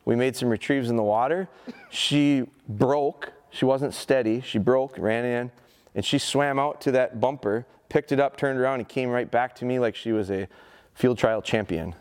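A man in his forties giving a live dog training seminar, telling stories in an animated, folksy way and speaking to the audience. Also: medium pitch, moderate pace, clean tone. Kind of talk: live seminar talk with demonstration. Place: seminar hall at an outdoor show.

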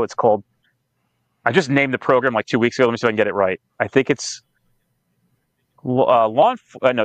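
A man who founded a police training company appears as a guest in a podcast interview, telling cop stories in a profane, animated way full of swearing and quoted back-and-forth dialogue. His voice is medium-pitched, with no echo.

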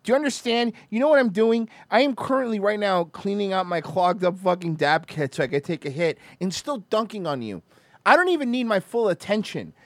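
A man's voice: sits high, brisk, dry recording. A man hosting a livestream show, mocking and swearing in crude banter. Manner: profane, mocking, loud and animated. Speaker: podcast host.

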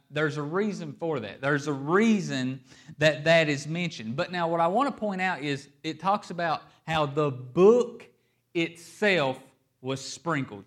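A man preaching a sermon, stressing key words and shifting his pace and loudness for emphasis. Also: a little high. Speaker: pastor.

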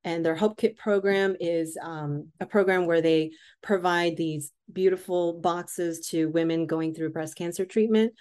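A woman's voice: lowish voice, steady tone, measured pace, hardly any pauses, darkish tone, clear, resonant tone. A woman guest who founded a skincare company, explaining her program in an earnest, plain way. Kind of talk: interview answers.

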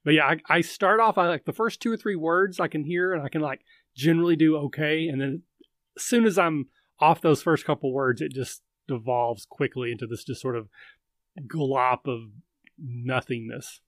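A man's voice: fairly high pitch, moderate pace, fairly bright tone, no echo. A man hosting a casual live chat, rambling and thinking aloud with lots of fillers. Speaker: livestream host.

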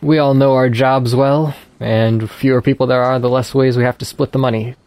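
A man voicing a brawny, gruff male ship bosun who gives blunt orders. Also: medium pitch, fairly even intonation, moderate pace, darkish tone, natural voice. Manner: blunt, commanding.

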